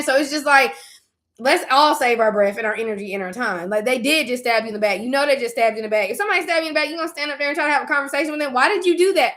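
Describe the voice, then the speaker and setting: A woman's voice: a little high, fairly bright tone. A young adult woman in a casual faith vlog, talking candidly and conversationally and speaking straight to her viewers. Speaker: faith vlogger.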